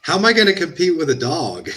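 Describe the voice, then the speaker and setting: A man joining a podcast stream as a guest, modest and good-humoured, laughing easily and speaking a little haltingly. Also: on the high side, sing-song, pushed and bright. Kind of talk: casual interview chat.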